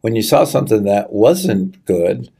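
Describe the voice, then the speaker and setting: A middle-aged man telling a personal story in an earnest, halting way, choking up as he goes. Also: fairly low pitch, animated, gravelly, warm tone, husky. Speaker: guest sharing a personal story. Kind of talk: conversational testimony.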